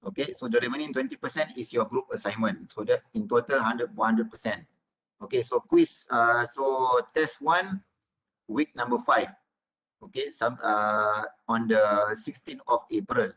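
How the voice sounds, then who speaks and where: A man's voice: medium pitch, normal speed, fairly bright tone, low-quality recording. A man giving an online class lecture as a university lecturer, filling nearly every phrase with "okay" and "uh".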